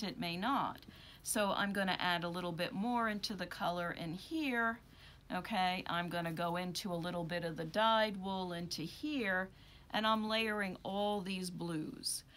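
A woman's voice: fairly low pitch, a bit bright. A woman teaching rug hooking, talking through her choices as she handles and arranges wool in a chatty way. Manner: chatty, thinking aloud while handling wool. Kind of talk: hands-on craft demonstration.

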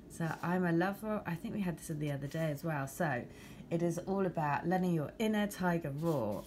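A woman with an English accent giving a spiritual card reading, moving between steady reading of card meanings and excited, laughing chat about synchronicities. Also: fairly low pitch, fairly quick, a little hiss or hum. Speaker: tarot and oracle card reader.

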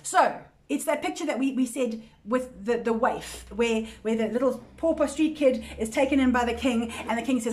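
A woman with a slightly high-pitched voice leads a Bible study for a women's group. She talks in an earnest, conversational way, repeats her words as she thinks, and keeps checking that her listeners are following. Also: lively intonation, normal speed, a little mellow. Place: church women's group meeting.

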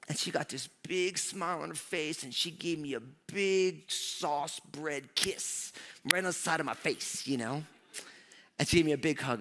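Animated New pastor in a big hall. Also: male voice, fairly high pitch, moderate pace, creaky. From New Jersey, USA. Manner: animated, joking, lots of fillers. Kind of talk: storytelling sermon. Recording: long hall reverb.

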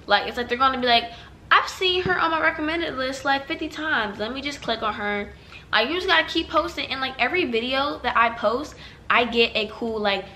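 A woman's voice: fairly high pitch, pushed and bright, a little hiss or hum. A young adult woman giving casual vlog advice to new YouTubers, chatty and loose, full of "like" and "y'all". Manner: chatty, heavy use of "like" and "y'all". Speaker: YouTuber giving channel tips.

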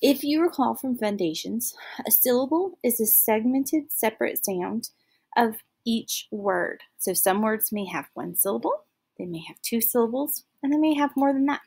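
Patient gravelly-voiced woman teacher. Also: on the high side, animated, moderate pace, darkish tone. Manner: patient, clear explaining, clapping out syllables. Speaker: first grade teacher. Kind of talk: recorded classroom lesson for young children.

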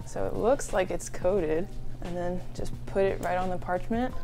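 A young woman making candied grapes in a casual cooking vlog, nervous and excited, laughing often and filling her talk with "like". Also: lowish voice, a little slow, soft background music. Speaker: food vlogger.

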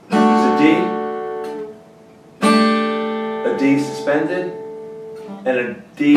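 Guitar teacher, male, folksy and lively, very roomy sound, mic set well back. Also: on the high side, distant mic. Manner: folksy, lively, bursts into exclamations. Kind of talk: informal guitar lesson.

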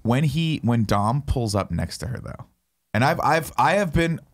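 A man's voice: medium pitch, expressive, measured pace. A man in a casual movie review chat, sharing enthusiastic opinions with frequent restarts. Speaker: podcast host.

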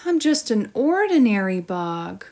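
A woman's voice: mid-range voice, very animated, unhurried, dark tone. A woman voicing a small, timid female lightning bug in a storybook read-aloud, sounding a bit dejected.

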